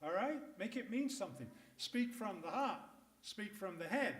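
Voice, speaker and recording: Animated man coaching a live room. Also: high-pitched, takes it slowly. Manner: lively, emphatic, jokey asides. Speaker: public speaking coach. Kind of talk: workshop talk to a live audience. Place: conference room. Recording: echoey room.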